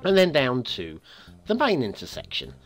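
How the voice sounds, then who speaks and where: A man's voice: medium pitch, huge pitch swings, normal speed, faint music behind. A man hosting a game map review show, talking in a chatty, upbeat way with playful asides.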